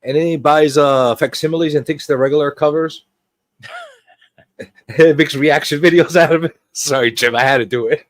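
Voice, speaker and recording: A man's voice: fairly high pitch, normal speed, dry recording. A man hosting a casual livestream chat, greeting viewers one by one with a rambling, teasing, joking manner. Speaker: host.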